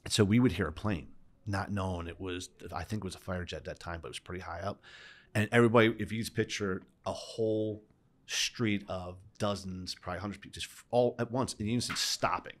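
A middle-aged man, a podcast guest, retelling a personal story with lively quoted voices. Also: low-pitched, fast talker.

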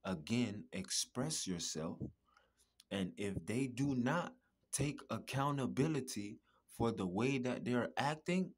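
A man talking in a casual podcast monologue, emphatic, repetitive and profane, with a husky voice. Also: mid-range voice, animated, takes it slowly. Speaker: podcast host.

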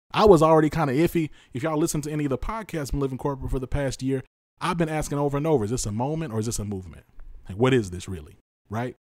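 A man hosting a solo podcast, talking with passion and frustration, repeating his points for emphasis and swinging between loud stress and tired, quiet drops. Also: on the high side, no room sound, clean studio sound. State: exhausted and frustrated. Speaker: podcast host.

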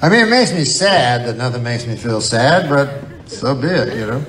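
A man performing a stand-up comedy set in a large venue, deadpan, rambling and profane. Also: medium pitch, normal speed. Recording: audience recording with loud crowd and noise. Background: crowd laughter.

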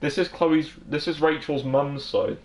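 A man's voice: a little high, steady tone, a little slow. A man giving crude, rambling comedic commentary on a game, laughing often. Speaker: gaming channel host.

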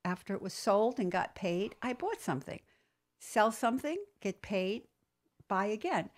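A woman entrepreneur telling stories in an interview, lively, acting out quoted dialogue. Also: mid-range voice, normal speed. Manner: animated storyteller, acts out quoted dialogue. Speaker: entrepreneur guest; business trainer. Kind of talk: storytelling interview.

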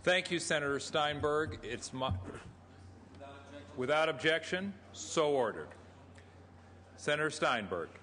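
A man's voice: a little high, lively intonation, slow, long pauses, bright, forceful tone. A middle-aged man presiding over a legislative floor session, stating motions and rulings in formal procedural language. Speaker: presiding officer. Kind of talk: formal parliamentary chairing. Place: large legislative chamber. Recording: reverberant chamber with faint room hum.

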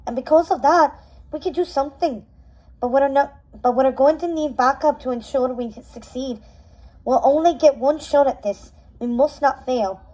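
A woman's voice: high voice, normal speed, mellow, natural voice, rough recording. A woman voicing a solemn, cautious hen who serves as a lady's attendant, read aloud from a storybook. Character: solemn, sensible female chicken attendant. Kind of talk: storybook readaloud.

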